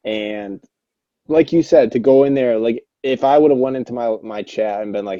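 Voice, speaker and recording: A young man talks in a very dark, mellow voice, rambling excitably and cursing as he restarts his sentences. The sound is dry and a little dull and lo-fi, like a home podcast mic. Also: medium pitch, normal speed, no room sound. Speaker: podcast co-host. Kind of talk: casual podcast chat about an online hockey league.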